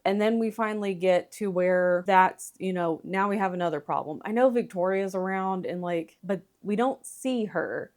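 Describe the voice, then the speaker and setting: A woman's voice: medium pitch, darkish tone. Woman in her 30s doing a rambly book vlog, chatty, corrects herself a lot, swears a bit, normal mid voice. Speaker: book vlogger. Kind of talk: casual book review.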